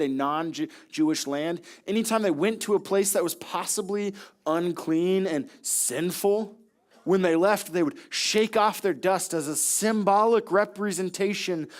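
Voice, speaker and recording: A young man with a high voice preaches a sermon, acting out lines for Jesus and the crowd. He jumps between voices and tells stories with lively energy. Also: normal speed. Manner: animated storytelling, acting out voices of Jesus and listeners. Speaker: pastor.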